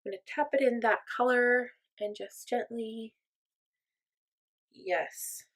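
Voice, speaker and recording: A makeup vlogger of mostly German, part Irish and Norwegian descent chats casually through a tutorial, thinking aloud and joking at herself. Her voice is on the high side and she takes it slowly.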